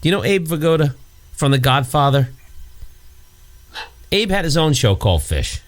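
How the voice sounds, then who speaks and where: Lively, rambling man telling stories. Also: moderate pace. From New York area. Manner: rambling storyteller, swears, acts out scenes in high put-on voices. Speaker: podcast co-host. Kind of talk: casual chat.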